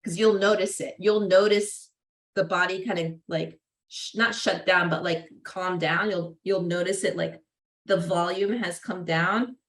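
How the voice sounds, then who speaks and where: A woman's voice: lowish voice, fairly even intonation, a little slow. A young adult woman giving a casual psychology lecture in a classroom, chatty, full of "like" and "right?", acting out what parents say. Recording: roomy echo.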